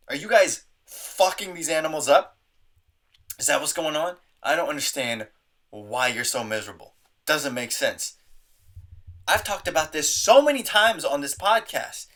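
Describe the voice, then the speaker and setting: Young male podcast host, bright tone, animated and crude, casual comic monologue. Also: fairly high pitch. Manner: animated, profane, jumps into mocking voices. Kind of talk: casual comedic rant.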